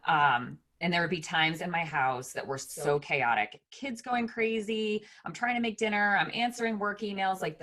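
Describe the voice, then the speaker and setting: A woman in her forties talking candidly in a casual podcast chat, with lots of fillers. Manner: candid, chatty, many fillers like "like" and "um"; animated mimicry of her kids in high voices. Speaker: podcast co-host.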